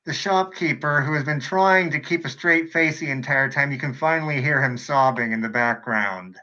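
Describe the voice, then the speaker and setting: A man's voice: medium pitch, normal speed, sharp tone, lo-fi sound. Man narrating a tabletop game. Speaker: game master.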